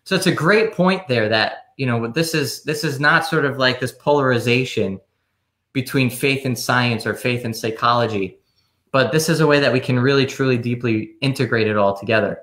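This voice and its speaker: Guy psychologist talking earnestly in an interview, bright voice, echoey room. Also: mid-range voice, normal speed. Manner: earnest, explaining at length with restarts. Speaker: psychologist and author, guest. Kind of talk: casual interview conversation.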